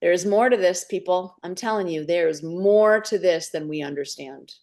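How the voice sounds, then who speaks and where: Guest storyteller, woman, lively delivery, somewhat low voice, acts out quoted voices. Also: moderate pace. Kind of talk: storytelling in a podcast interview.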